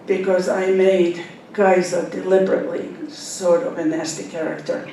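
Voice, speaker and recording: A woman in her seventies with a Finnish accent, a Finnish speaker, reading her own novel aloud in an unhurried way with soft fillers, then talking about her characters. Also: level tone, vocal fry. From Finland. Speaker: author. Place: library event hall. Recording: echoey hall, speaker far from the mic, faint rumble.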